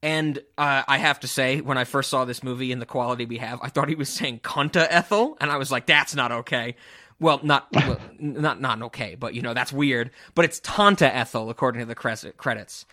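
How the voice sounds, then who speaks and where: Talking briskly with hardly a pause, this podcast host has a bright, forceful, medium-pitched voice. He rambles enthusiastically about films on a camera-off remote call, swearing in passing.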